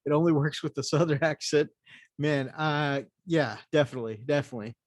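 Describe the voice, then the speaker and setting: A man's voice: a little high, fairly quick, no echo, clean studio sound. A man hosting a casual livestream chat, rambling and hesitant as he talks. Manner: rambling, many fillers and restarts. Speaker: host.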